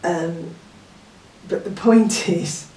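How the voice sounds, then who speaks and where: A woman's voice: on the low side, extremely slow, mellow. A woman born in Yorkshire chatting casually as a book reviewer, rambling with lots of ums and small laughs. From Yorkshire, England. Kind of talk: casual chat. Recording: echoey room, far from the mic, faint noise.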